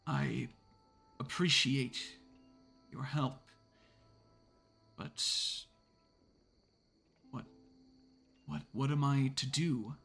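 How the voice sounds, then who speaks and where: A man voicing a gruff middle-aged sailor who speaks hesitantly and stammers. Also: medium pitch, steady tone, drawn-out words, pauses often, fairly bright tone, soft background music, full character voice. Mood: nervous.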